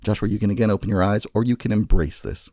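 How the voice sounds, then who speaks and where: A man co-hosting a podcast, narrating a choose-your-own-adventure story in a slow, dramatic way. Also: lowish voice, mellow, no room sound, studio quality.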